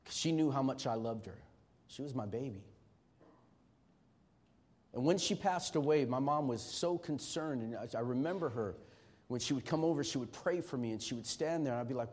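A middle-aged man preaching a sermon as pastor, emphatic and swinging from shouting to hushed tones. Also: medium pitch, animated, moderate pace.

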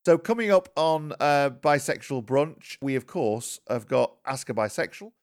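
A man with a Yorkshire accent hosts a podcast in a relaxed, chatty way. His sentences often stumble and restart before he gets going. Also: medium pitch. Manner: halting, stumbling starts. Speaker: podcast host. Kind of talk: casual chat and show hosting.

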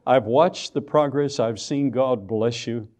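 Older Texan man, church lecturer, warm low-key timbre, folksy and emphatic. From Texas. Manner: folksy storytelling with slow emphatic stresses. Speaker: creationist lecturer.

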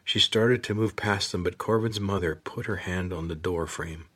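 A man narrating an audiobook in a steady, measured storytelling voice. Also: sits low, husky.

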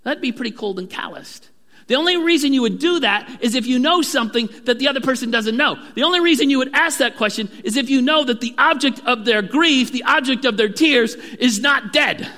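High-pitched bright-voiced preacher in a reverberant hall. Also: male voice, lively intonation, fairly quick. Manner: earnest preaching, drops to a hushed voice at key moments. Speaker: pastor. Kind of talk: sermon.

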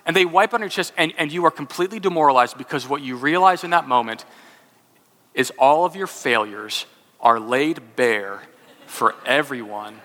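A man preaching a sermon with a bright, forceful voice, a bit higher than most men. He moves from animated storytelling to hushed, solemn scripture reading. His voice carries through a hall with a long, lingering reverb. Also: normal speed. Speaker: pastor.

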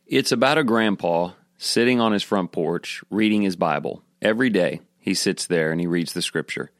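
Low-voiced man teaching a devotional. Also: normal speed, dry recording, studio quality. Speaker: Bible teacher. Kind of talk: devotional sermon talk.

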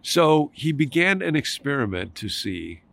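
A man's voice: a little high, very animated, a little slow, vocal fry, a bit bright. Man preaching a reflective sermon. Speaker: pastor.

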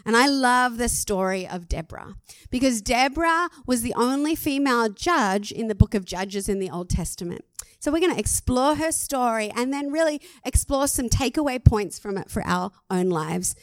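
An Australian woman pastor gives a sermon in a lively, chatty way. Her voice sits a bit high. The sound is dry and close, with little room around it. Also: moderate pace, no echo. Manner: lively, conversational, laughs at herself.

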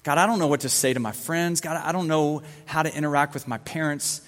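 A man's voice: a little high, brisk, a bit bright. A man giving a casual, conversational sermon as a youth pastor, acting out the dialogue as he goes. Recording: long hall reverb.

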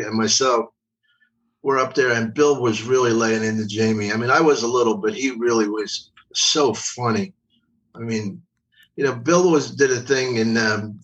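Rambling older comedian from Philly. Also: male voice, medium pitch, fairly bright tone, lo-fi sound. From Philadelphia. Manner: rambling, repeats words, profane. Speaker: guest comedian. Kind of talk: casual storytelling. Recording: voice from a distance.

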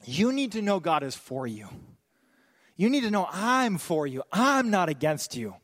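A young pastor preaches in a high, lively voice that swoops up and down. He jokes and drops into quick voiced asides. The sound rings with the long reverb of a church hall. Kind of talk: sermon.

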